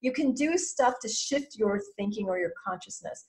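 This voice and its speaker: A woman in her fifties talks as a guest on a podcast, animated and expressive. She keeps jumping into the worried voices in people's heads to show what she means. Her pitch sits in a middle range. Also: moderate pace. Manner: lively, acting out anxious inner voices. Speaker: guest mentor. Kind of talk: podcast interview.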